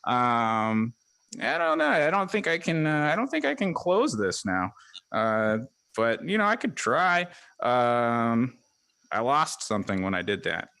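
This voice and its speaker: A man's voice: medium pitch, huge pitch swings, unhurried, gravelly, bright, forceful tone, clean tone. A man rambling in a jokey, self-mocking way as a comedy guest, talking from his living room on a video call. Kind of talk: casual rambling comedic chat.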